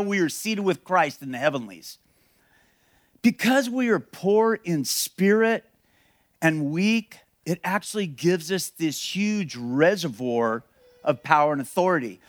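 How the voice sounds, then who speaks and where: A man's voice: on the high side, no echo, clean studio sound. A man preaching a sermon as pastor, earnest and emphatic, repeating key phrases and restarting sentences.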